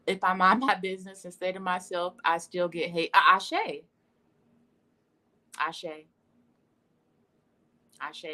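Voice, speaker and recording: A woman's voice: on the low side, bright, forceful tone. A young woman giving a casual tarot reading on a livestream, blunt and profane as she talks. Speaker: tarot reader. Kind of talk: casual spiritual livestream talk.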